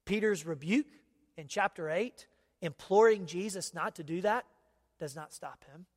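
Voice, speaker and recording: High-pitched guy preaching in a church, lots of "right?", echoey sanctuary. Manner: emphatic preaching, rhetorical "right?" asides. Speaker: pastor. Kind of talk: sermon.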